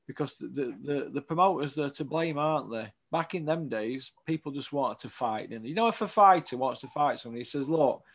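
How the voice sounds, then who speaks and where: A man's voice: mid-range voice, animated, fairly quick, hardly any pauses. A man giving blunt, outspoken opinions as a boxing pundit in a casual interview, often tagging on questions like "isn't it?".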